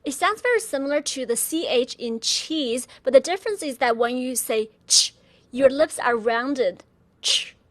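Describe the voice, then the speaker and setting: A woman teaching pinyin pronunciation, demonstrating each sound slowly and repeating syllables for learners. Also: sits high, lively intonation. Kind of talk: slow instructional pronunciation lesson.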